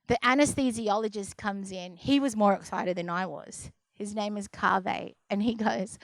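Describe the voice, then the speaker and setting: A young adult woman telling a personal story to an audience in a lively, expressive way. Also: creaky, no room sound. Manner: lively, acts out others' voices in a higher pitch; quieter and slower when describing the deep experience. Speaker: speaker sharing a personal story.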